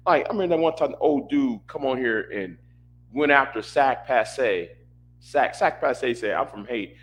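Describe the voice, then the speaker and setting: A man's voice: mid-range voice, animated, moderate pace, a little hiss or hum. Exasperated man ranting with restarts. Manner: exasperated, repetitive, stumbling restarts. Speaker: commentator reacting to a panel stream. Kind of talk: casual rant.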